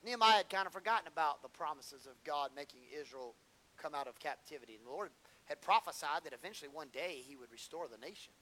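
A man preaching a sermon as pastor, storytelling and building to impassioned shouts. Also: on the high side, animated, fast.

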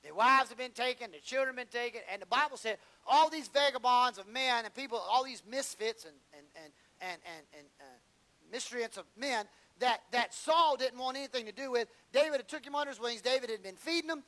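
A man delivering a lively sermon in a high voice. His tone is bright and forceful. He slips into playful impressions of whining churchgoers to make his points. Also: brisk, poor audio. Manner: animated, acts out whiny prayers and dialogue for humor. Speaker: preacher.

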